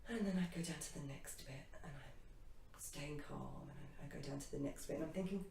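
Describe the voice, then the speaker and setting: A woman co-hosting a casual spiritual chat show, telling a personal travel story with lively acted-out reactions and laughter. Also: rumbling low, a little fast, vocal fry, a little hiss or hum. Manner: animated, acts out her own past reactions with laughter. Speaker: co-host. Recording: echoey room, distant mic.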